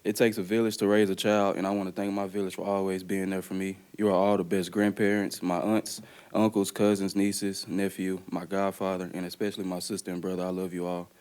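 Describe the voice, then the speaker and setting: Low, flat-voiced young man reading a statement. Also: fairly quick, clear, resonant tone. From Dallas area, Texas. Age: young adult. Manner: plain, earnest delivery with frequent "uh" and "um". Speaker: college basketball player. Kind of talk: reading a prepared statement at a press conference. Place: press conference room.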